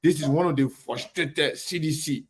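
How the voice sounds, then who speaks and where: With slight background noise, a man running a live online talk show gives shout-outs and commentary, greeting viewers by name and speaking emphatically to them. His voice is a little high and his speed is normal.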